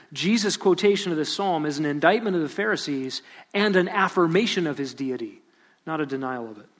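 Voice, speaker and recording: High-pitched guy preaching a sermon, lively and emphatic, reads scripture out loud. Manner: animated preaching, sarcastic acted quotes. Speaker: pastor.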